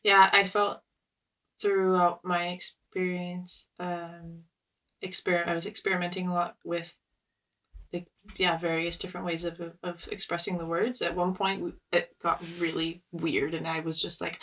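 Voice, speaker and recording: A young woman artist talking through her thoughts, halting and searching for words with many fillers and restarts. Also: on the low side, level tone, vocal fry, fairly bright tone, far from the mic, poor audio. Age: young adult. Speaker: artist, podcast guest. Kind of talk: reflective casual conversation.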